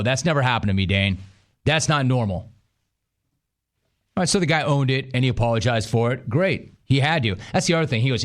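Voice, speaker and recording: A middle-aged man hosting sports talk radio from a studio, emphatic and sardonic, hammering his points with repetition. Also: medium pitch.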